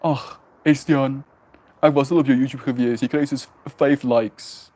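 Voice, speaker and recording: Guy doing a dismissive dad voice, a bit higher than his own and dragged out slow. it's a blunt put-down drawl, the kind of mocking impression you'd do in a vlog rant. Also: fairly even intonation, warm tone, close to an everyday voice. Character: dismissive middle-aged father, mocking and blunt.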